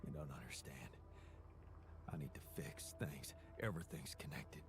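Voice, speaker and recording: A man's voice: rumbling low, normal speed, music in the background. An actor playing a troubled, bewildered alternate version of a man in a video game, speaking with a Southern accent in a hesitant, searching way that drops to whispers. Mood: distressed. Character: troubled male alter self, rugged, bewildered.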